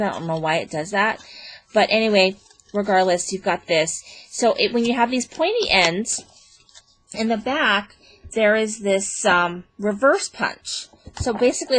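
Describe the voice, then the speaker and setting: A woman in her thirties chatting through a craft tutorial, rambling with fillers and calling herself a dork. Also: medium pitch. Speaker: crafting vlogger.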